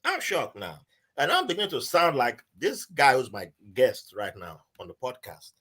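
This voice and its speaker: A man with a Nigerian accent and a husky, mid-range voice speaks at a normal pace as a podcast guest. He recounts a story in casual chat, animatedly acting out the voices he quotes.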